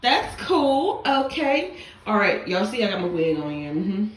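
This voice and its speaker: A woman's voice: medium pitch, big pitch swings, normal speed. A pregnant young woman, out of breath, chatting straight to her viewers in a casual clean-with-me vlog from her bathroom. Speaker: vlogger. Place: bathroom at home. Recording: echoey home room with faint noise.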